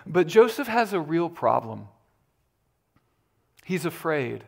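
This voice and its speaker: A man preaching a sermon as pastor, deliberate and emphatic, his voice lifting when he makes a point. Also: a little high, very animated, vocal fry.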